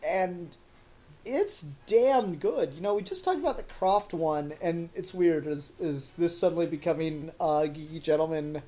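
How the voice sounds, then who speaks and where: A man co-hosting a casual podcast film review, talking with animated energy, laughing often and swearing casually. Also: a little high, a little slow. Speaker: podcast co-host.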